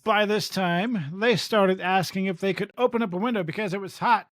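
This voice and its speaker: High-voiced man co-hosting a podcast. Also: normal speed. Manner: animated, laughs often, retells scenes with quoted voices. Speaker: podcast co-host. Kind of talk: casual chat.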